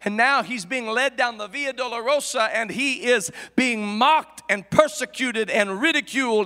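A very high-pitched man preaches an impassioned sermon. He moves from quiet, hushed storytelling to full-throated shouts. His bright, forceful voice rings out with the long reverb of a large hall. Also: moderate pace, hardly any pauses.

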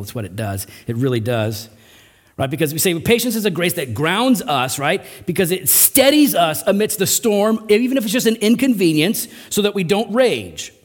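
A middle-aged man preaching a sermon as pastor, with animated, emphatic rising runs. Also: on the high side. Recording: long hall reverb.

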